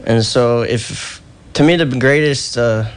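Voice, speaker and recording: A middle-aged man talks shop in an easygoing, casual way, chuckling often. His voice sits at an ordinary pitch, neither high nor low. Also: takes it slowly, clean tone. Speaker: guest surfboard shaper. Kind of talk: casual radio chat. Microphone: phone line.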